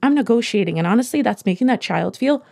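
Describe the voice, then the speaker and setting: A woman guest on a podcast explaining her coaching approach, steady and emphatic, repeating her key points to drive them home. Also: fairly high pitch, quick pace, creaky. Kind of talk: explaining in conversation.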